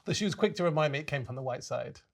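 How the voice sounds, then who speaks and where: Thirties male comedian guest, animated, self-mocking, fairly high and very lively in pitch. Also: racing, creaky, crowd noise. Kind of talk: casual podcast chat.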